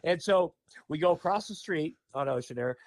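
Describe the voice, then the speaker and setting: Male podcast guest, higher-pitched voice, lively and profane storyteller, close dry mic. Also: moderate pace, dry recording. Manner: animated, profane, laughing often. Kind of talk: casual storytelling.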